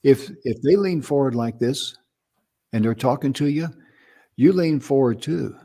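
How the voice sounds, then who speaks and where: An older man from North Carolina co-hosting a casual advice talk show, speaking slowly and pronouncing his words carefully. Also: mid-range voice, warm tone. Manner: slow, deliberate, carefully pronounced speech. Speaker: co-host.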